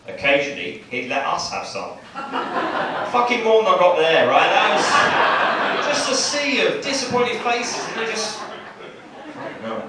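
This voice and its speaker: A young male stand-up comic with a slightly high voice, chatting to a crowd and ending lines with "right?". The sound is very roomy and picked up from a distance in a small club, with a noisy room and laughter behind him. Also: very animated, a little slow. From Bexley, southeast London. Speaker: stand-up comedian. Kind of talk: stand-up set. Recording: roomy club audio from far off. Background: audience laughter.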